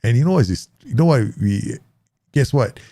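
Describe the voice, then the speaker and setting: A man, excitedly commenting on his own football management game for viewers. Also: medium pitch, a little fast, creaky, no room sound. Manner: excitable, laughs often, talks to viewers. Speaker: gaming YouTuber.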